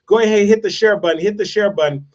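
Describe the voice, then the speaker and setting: Speaking fast in a high voice, this male motivational speaker tells a story and hammers points home with emphatic repetition. The audio sounds lo-fi, dull, and far away.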